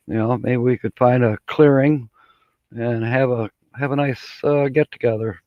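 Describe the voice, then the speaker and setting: A man's voice: mid-range voice, fairly even intonation, measured pace, dry recording. A middle-aged man from Michigan hosting a live stream in a casual, folksy way, greeting viewers and chuckling often. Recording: dull, dry lo-fi audio.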